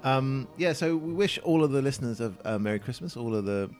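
A man co-hosting a science podcast as the chemist, trading quick jokey banter. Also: mid-range voice, animated, over music. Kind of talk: casual science chat.

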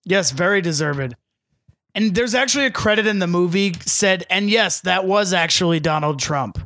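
High-voiced podcast host. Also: male voice, lively intonation, moderate pace, fairly bright tone. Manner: reads trivia, announces segments. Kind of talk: casual comedy podcast banter.

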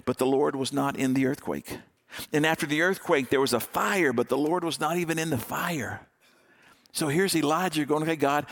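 A man preaching a sermon, dropping to a hush on key words with dramatic pauses. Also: medium pitch, creaky. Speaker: pastor.

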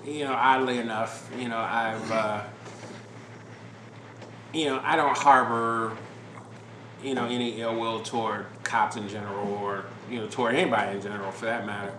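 A man hosting a podcast, telling a story in a relaxed, rambling way with lots of fillers and restarts. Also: mid-range voice, moderate pace. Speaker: podcast host. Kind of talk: casual storytelling chat. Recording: roomy with background noise.

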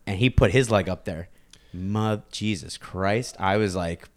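A man's voice: low-pitched, measured pace. A young man in casual chat who swears freely and acts out the people in his stories. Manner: swearing storyteller, acts out voices.

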